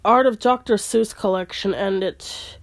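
A woman in casual chat, relaxed, retelling a book's story in her own words with asides. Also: mid-range voice, measured pace. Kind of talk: casual chat, reading a book aloud.

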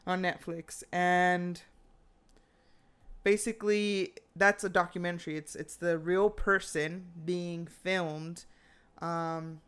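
A woman chatting casually, retelling a true-crime story with animated quoted lines and frequent fillers. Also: lowish voice, slow pace, clean tone.

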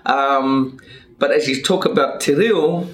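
A man with a New Zealand accent talks through his upbringing in a relaxed, reflective way, chuckling now and then. His voice sits in a middle pitch, and the room around him is echoey. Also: slow pace. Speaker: podcast guest. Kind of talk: reflective life story, casual chat.

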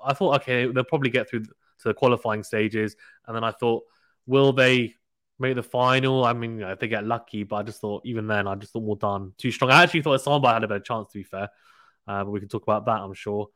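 A man's voice: medium pitch, fairly even intonation, quick pace, a bit bright, no room sound, clean studio sound. A man hosting a casual cricket podcast, chatty and teasing, laughing often. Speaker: podcast host.

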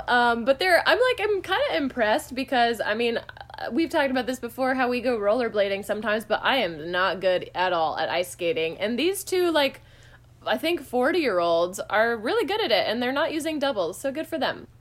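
A woman's voice: on the high side, very animated, normal speed. A woman co-hosting a podcast, recapping a movie plot in casual, wry chat full of "like" fillers. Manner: chatty, wry, lots of "like" fillers.

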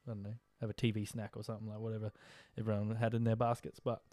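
A young Australian podcast host gives a casual monologue update, sounding tired as he rambles and chats with lots of filler words. His voice is lowish, monotone and warm, he speaks fast, and there's no echo.

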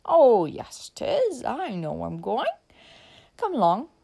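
A woman's voice: a little high, very animated, takes it slowly, gravelly, mellow, pitched above the performer's own voice, full character voice. A woman voicing a tipsy, reckless young man with slurred, drunken speech in a storybook reading. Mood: drunken pushy.

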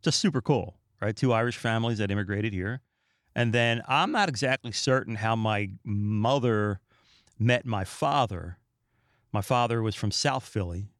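A middle-aged man hosting a podcast, talking in an animated, emphatic and opinionated casual monologue. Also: on the low side, normal speed, dry recording, studio quality. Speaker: podcast host.

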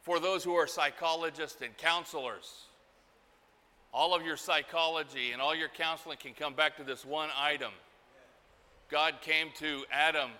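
Middle-aged man, preacher, slightly high voice, very bright tone, sermon storytelling. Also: steady tone. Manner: slow storytelling, acting out voices. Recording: hall reverb.

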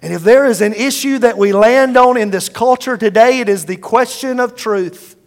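A man's voice: very high voice, normal speed, in a large hall. A male pastor preaching a sermon with emphatic delivery, calling out to the congregation for responses.

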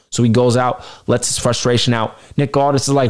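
A male podcast host talking solo in a casual, animated way. He swears freely and speaks with self-assured confidence. His voice sits at an ordinary middle pitch. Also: fairly quick.

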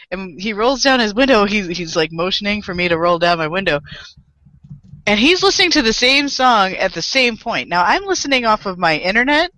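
A woman's voice: mid-range voice, sharp tone, no echo, low-quality recording. A woman co-hosting a casual podcast, rambling, swearing freely and laughing often on a home microphone. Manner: rambling, profane and quick to laugh. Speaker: podcast co-host. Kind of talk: casual chat.

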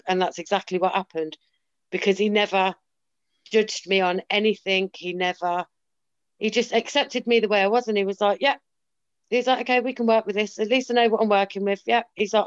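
A woman's voice: medium pitch, steady tone, brisk, clear, resonant tone. A woman talking candidly in a casual chat, emphatic and often quoting herself and others. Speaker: guest sharing her story. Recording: slightly dull lo-fi sound.

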